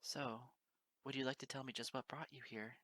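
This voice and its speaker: A man voicing a gentle, motherly mare pony who speaks softly and coaxingly. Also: medium pitch, moderate pace. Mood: soothing. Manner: soft, coaxing, calls others darling.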